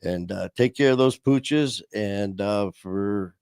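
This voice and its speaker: A man's voice: fairly low pitch, takes it slowly, creaky, darkish tone, clean tone, no echo, clean studio sound. A man hosting a podcast, telling stories in a loose, unscripted way with many restarts and chuckles, speaking over a video call. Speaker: podcast host. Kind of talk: casual storytelling chat. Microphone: video call via streaming software.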